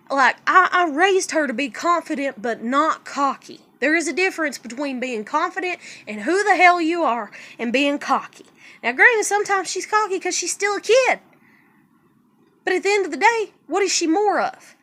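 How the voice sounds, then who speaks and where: A woman with a high voice ranting straight into a personal vlog. She is blunt and swears freely. She sounds heated and passionate, and her speech rambles from point to point. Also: bright, forceful tone. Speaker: vlogger.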